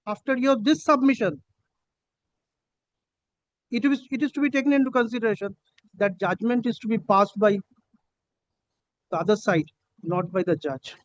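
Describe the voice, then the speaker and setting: A man presiding as judge in court, measured, cutting in often and repeating "learned counsel". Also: sits high, dry recording. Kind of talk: courtroom exchange. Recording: dull lo-fi courtroom feed.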